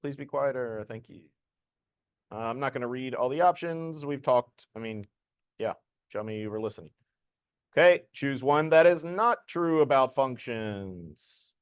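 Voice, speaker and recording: Man, teacher, programming class, casual explaining, smooth clear voice, dry sound. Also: medium pitch, animated, unhurried, no room sound. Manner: casual, talks while demonstrating code.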